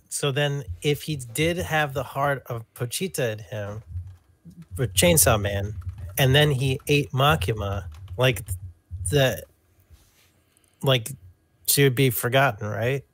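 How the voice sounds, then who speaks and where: A man's voice: medium pitch, slow pace, long pauses, a bit bright, dry recording. Hesitant man with a dry voice. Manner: hesitant, puzzled questions, lots of fillers. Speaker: podcast co-host. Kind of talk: casual chat.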